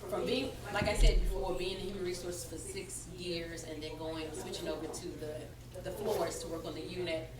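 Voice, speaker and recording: A woman guest with a human resources background giving firm, measured advice in a group talk. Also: fairly low pitch, steady tone, far from the mic, very noisy. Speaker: podcast guest, former human resources worker. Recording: echoey room, off-mic, loud crowd.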